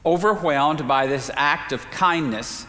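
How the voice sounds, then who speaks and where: A man preaching a sermon, telling a story in a measured way with slow, emphatic pauses. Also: fairly high pitch, sharp tone. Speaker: pastor. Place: church sanctuary. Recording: reverberant sanctuary.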